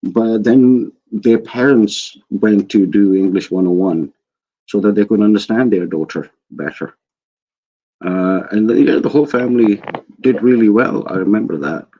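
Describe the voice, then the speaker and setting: A man's voice: fairly low pitch, moderate pace, dull audio. A Scottish man in casual chat, easygoing and drifting into anecdotes. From Scotland. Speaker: panel participant.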